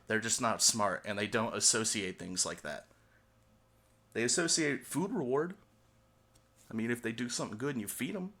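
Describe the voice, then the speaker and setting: A young man telling a profane storytime monologue as a vlogger, short of breath and animated, getting loud when worked up. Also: fairly low pitch.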